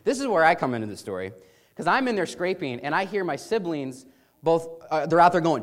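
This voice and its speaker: A man's voice: on the high side, very animated, brisk. A man casually telling an amused personal anecdote with many restarts. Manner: chatty, amused, frequent restarts. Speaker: storyteller.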